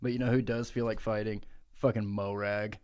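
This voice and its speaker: A man's voice: lowish voice, level tone, normal speed, darkish tone, smooth. A young man co-hosting a podcast who tells an absurd comic story in profane slang and keeps laughing through it. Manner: giggly, profane, breaks into laughter. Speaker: podcast co-host.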